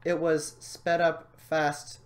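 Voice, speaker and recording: A man's voice: a little high, level tone, slow, slight background noise. A man chatting casually on a livestream call, laid-back with mumbled asides. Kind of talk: casual chat on a stream.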